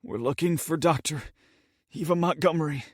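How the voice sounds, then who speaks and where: A man's voice: a little high, moderate pace, breathy edge, no room sound, studio quality, voice pushed up. A man voicing a wounded young man who talks weakly and wryly through pain. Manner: weak, strained.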